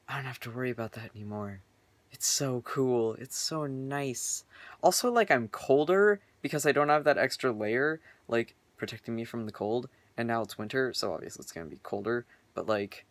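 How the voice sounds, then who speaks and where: A man's voice: mid-range voice, no echo. A young man vlogging casually from his bedroom, rambling earnestly with lots of filler words. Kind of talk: casual personal vlog.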